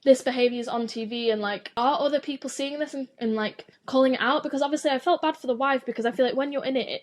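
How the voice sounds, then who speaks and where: A young woman hosting a solo podcast, ranting in a casual, animated way, swearing freely and filling her talk with "like". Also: a little high. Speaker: podcast host.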